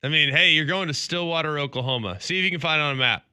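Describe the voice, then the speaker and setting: A man co-hosts a morning sports radio show in a dry studio. His voice sounds sharp and very bright, and he trades deadpan one-word jabs and quick laughs with his partner. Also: on the high side, clear, resonant tone, no room sound. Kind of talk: casual sports talk.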